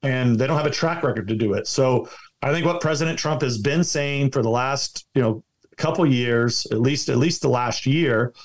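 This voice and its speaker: A man talking as a guest in an interview, giving emphatic partisan commentary full of restarts and repeated words. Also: medium pitch. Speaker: political guest.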